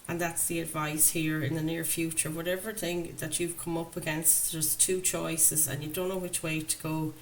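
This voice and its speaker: A woman's voice: low voice, level tone, moderate pace, hardly any pauses, rough recording. A woman doing a chatty, enthusiastic tarot reading, talking to her viewers. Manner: enthusiastic, chatty, laughs often. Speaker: tarot reader. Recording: faint background noise.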